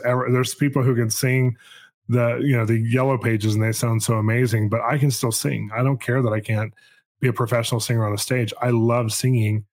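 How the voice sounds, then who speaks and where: A man's voice: medium pitch, darkish tone. A man hosting a podcast, sharing his personal faith testimony in an earnest storytelling way with frequent restarts. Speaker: podcast host.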